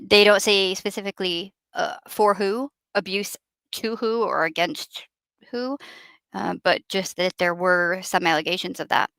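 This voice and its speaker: A woman's voice: medium pitch, steady tone, unhurried, creaky, fairly bright tone, clear, resonant tone, dry recording. A woman hosting a show, commenting on court footage and summarizing it as she thinks aloud. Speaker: show host.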